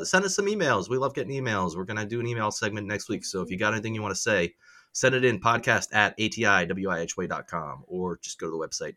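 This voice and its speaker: A man's voice: fairly low pitch, pushed and bright. Jokey male podcast co-host. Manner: jokey, crude, slips into silly voices. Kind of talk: casual chat.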